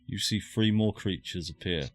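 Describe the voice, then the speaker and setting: A man's voice: lowish voice, normal speed. A man, narrating a live tabletop game as dungeon master and calling out rolls and damage.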